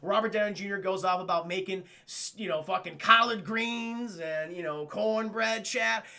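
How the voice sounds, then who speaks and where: A man's voice: high-pitched, normal speed. A man casually recapping a film for his live-stream chat, swearing often and talking to the chat directly. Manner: profane, excitable, keeps addressing the chat.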